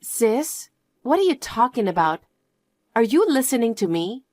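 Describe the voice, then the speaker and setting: Female storyteller, earnest and pleading, fairly high and lively, dry close recording. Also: measured pace, dry recording. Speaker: story narrator. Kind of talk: scripted story narration.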